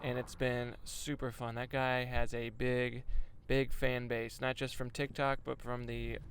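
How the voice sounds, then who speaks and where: Rambling young comedian talking while driving. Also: male voice, medium pitch, monotone, a little slow, fairly bright tone, slight background noise. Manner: rambling, self-deprecating, swears freely. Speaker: stand-up comedian. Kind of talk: casual vlog chat while driving. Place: inside a moving van.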